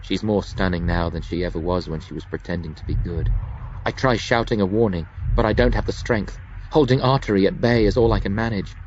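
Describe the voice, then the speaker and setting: A man narrating an audiobook with a dramatic, expressive reading. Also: deep voice, brisk, highs cut off, a little hiss or hum.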